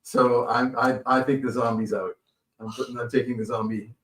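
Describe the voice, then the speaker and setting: A man's voice: mid-range voice, steady tone, a bit bright, reverberant, distant mic. Wry man judging a party game. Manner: wry, halting, with restarts. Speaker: game judge. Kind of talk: comic party-game banter. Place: hotel room.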